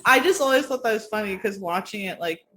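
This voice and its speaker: A woman's voice: mid-range voice, animated, fast talker, fairly bright tone. A woman co-hosting a podcast in casual chat, rambling through stories, laughing often and swearing casually. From United States. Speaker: podcast co-host.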